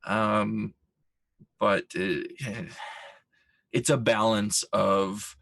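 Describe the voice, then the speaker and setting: A man playing a tabletop game, describing his character in a hesitant, drawn-out way. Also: on the low side, fairly even intonation, gravelly, fairly bright tone, no room sound. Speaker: player.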